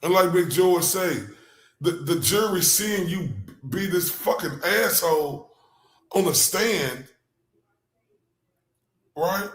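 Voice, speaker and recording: A man reacting live to trial commentary, his voice sitting a little high and ringing in a roomy space. He talks in a heated, profane rush, addressing his audience directly. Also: takes it slowly, long pauses. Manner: profane, fired up, animated.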